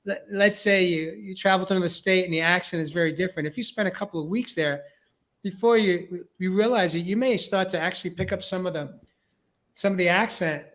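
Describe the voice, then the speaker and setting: A man's voice: high voice, fairly quick, a bit bright. A man from New York with a New York accent, hosting a casual discussion and repeating words as he builds each point. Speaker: host.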